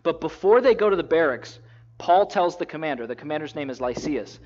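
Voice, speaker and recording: A man preaching a sermon, retelling a story in a lively, casual way and acting out the quotes. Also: on the high side, a little fast. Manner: animated storytelling, acts out quotes in casual voices. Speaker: pastor. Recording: dull lo-fi sound.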